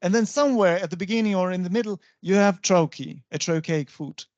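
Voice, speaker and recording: A university lecturer, explaining patiently and often checking understanding with a quick "right?". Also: medium pitch, a little mellow, dry recording. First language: Russian. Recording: dull, dry lo-fi recording.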